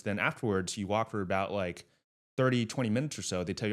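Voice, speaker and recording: A man's voice: on the low side, quick pace. A man being interviewed about real estate, talking in an earnest, emphatic, motivational way. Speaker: real estate investor guest. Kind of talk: casual interview talk.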